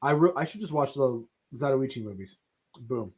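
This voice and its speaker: Lively joking man in casual chat. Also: mid-range voice, moderate pace, slightly rough. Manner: animated, profane, joking. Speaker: podcast co-host.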